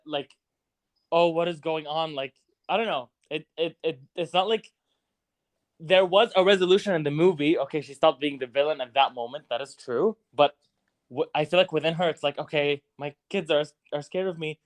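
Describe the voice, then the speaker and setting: A man co-hosting a podcast, chatty and reflective as he weighs up a film. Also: fairly high pitch. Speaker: podcast co-host. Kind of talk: casual movie review chat.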